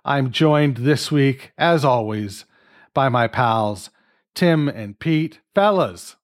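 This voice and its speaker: A man's voice: mid-range voice, expressive, slow. A man, from Canada, hosting a casual podcast chat in an upbeat, joking way. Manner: upbeat, joking, loosely scripted. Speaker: podcast host.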